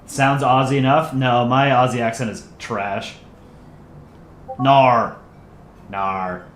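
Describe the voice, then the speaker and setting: A man's voice: mid-range voice, steady tone, moderate pace, fairly bright tone. A man hosting a livestream, casually chatting and joking through viewer messages in a rambling, self-deprecating way. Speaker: livestream host and channel voice actor. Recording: roomy echo, faint ambience.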